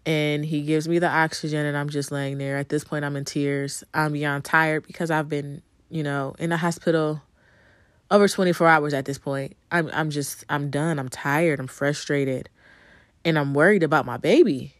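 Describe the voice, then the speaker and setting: A woman's voice: sits low, fairly even intonation, moderate pace, dry recording, studio quality. A woman telling viewers a personal story in a conversational way, with frequent ums and repeated phrases. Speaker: vlogger telling her birth story.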